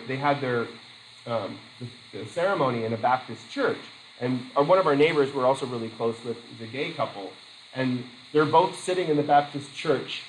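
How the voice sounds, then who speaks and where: A man's voice: mid-range voice, a little hiss or hum. Chatty man lecturing in an echoey room. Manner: chatty, animated storytelling with laughs and asides. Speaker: teacher. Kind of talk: classroom lecture with anecdotes.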